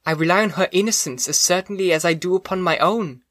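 A man's voice: sits high, quick pace, a bit bright, dry recording, clean studio sound, pitched above the performer's own voice. A man voicing an earnest, grieving young woman in an audiobook reading, her lines pleading and emotional.

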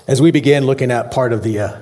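A man's voice: mid-range voice, quick pace, mellow. A male pastor giving a Christmas Eve sermon in a joking, conversational way, asking the congregation questions.

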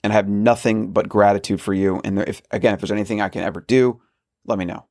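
Male podcast host, solo monologue, earnest and rambling, lower register, dry booth sound. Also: fairly even intonation, fast talker, vocal fry, a little mellow, no room sound. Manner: earnest, rambling, with frequent restarts.

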